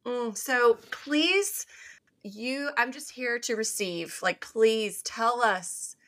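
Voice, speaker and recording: Enthusiastic woman podcast host with a bright voice. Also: on the high side, slow pace. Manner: effusive, enthusiastic. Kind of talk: podcast interview.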